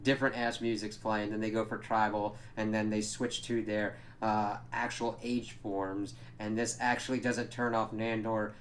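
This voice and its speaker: A man with a lowish voice recapping a show episode in a loose, rambling way. He swears freely and fills his talk with "like" and "uh", over a faint background hum. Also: little pitch movement, normal speed, few pauses. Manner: rambling, profane, many fillers. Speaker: show reviewer. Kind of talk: casual spoken episode recap.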